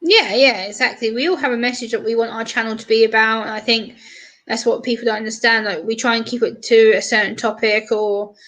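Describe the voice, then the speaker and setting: A woman chatting on a live stream, retelling stories in an animated way with lots of quoted voices. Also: fairly high pitch, fairly quick. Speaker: streamer guest. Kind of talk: casual chat on a live stream.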